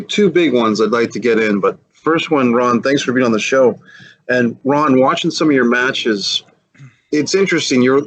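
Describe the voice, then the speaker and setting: A man's voice: medium pitch, fairly bright tone, low-quality recording. A man co-hosting an interview who asks long, searching questions and restarts his sentences often. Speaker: co-host asking questions.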